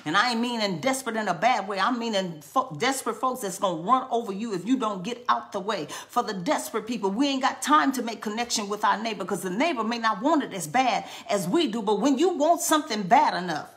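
A woman's voice: fairly high pitch, animated, fairly quick, hardly any pauses, a bit bright. A woman preaching a charismatic sermon, fervent and repetitive, breaking into tongues.

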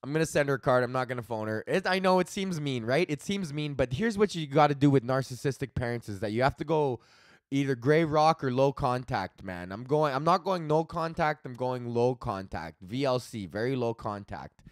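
A man's voice: medium pitch, lively intonation, moderate pace, no room sound, clean studio sound. A man of thirty hosting his own comedy podcast, rambling and swearing freely as he vents and laughs at his own jokes. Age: 30s. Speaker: podcast host. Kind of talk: casual solo comedy podcast rant.

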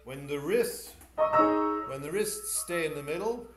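A man teaching piano in an online masterclass. He is animated and encouraging, demonstrating as he goes and giving quick corrections. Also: on the high side. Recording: echoey room with piano playing.

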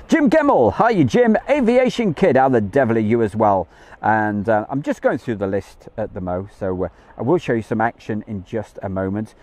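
A man's voice: lowish voice, a little mellow. A man hosting a live stream outdoors from a campsite field, chatting in a jokey way and greeting viewers by name. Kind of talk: casual live-stream chat.

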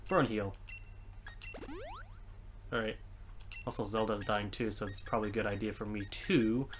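A male streamer talks through a live game session, joking with his chat and laughing often. His voice is bright and clear, sitting at a middle pitch. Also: slight background noise. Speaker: let's play streamer. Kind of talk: live gameplay commentary.

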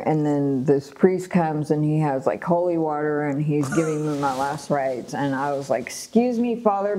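A middle-aged woman from Los Angeles recounts her past in a relaxed interview chat. Her voice sits low and mellow. She tells it with animation, laughing often and restarting sentences full of fillers. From Los Angeles, USA. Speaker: guest sharing her testimony. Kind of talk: casual personal storytelling.

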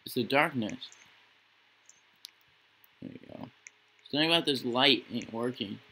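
A young man talks slowly through a horror game, his tone bright and a little sharp. He rambles and jokes, half-scared and half-playful, narrating whatever his character runs into. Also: mid-range voice, slight background noise. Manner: rambling, jokey, mock-scared talk to himself. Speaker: gaming channel host. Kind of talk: casual gameplay commentary.

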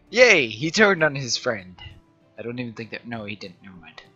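A man's voice: medium pitch, expressive, brisk, sharp tone, slightly rough, dull audio, soft background music. A man giving rambling, self-deprecating let's play commentary, often talking to himself. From United States. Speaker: gaming channel host.

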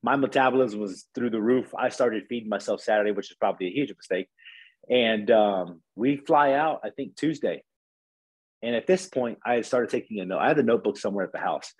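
A man's voice: on the low side, brisk, slightly rough, low-quality recording. A man in his thirties, a podcast guest, telling his story candidly and emotionally, often tagging on "right?" and swearing casually.

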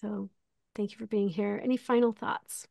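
A woman hosts a live online spiritual class over video call, effusive and giggly as she gushes with feeling through heartfelt closing remarks. Her medium-pitched voice is creaky and a little mellow, with fairly even intonation and a moderate pace. The audio is studio quality with no room sound.

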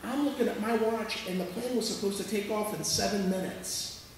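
A man preaching a sermon as a pastor, telling a story in an animated, conversational way and checking in with listeners as he goes. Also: high-pitched, normal speed, a little hiss or hum. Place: church sanctuary. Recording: echoey church hall from far off.

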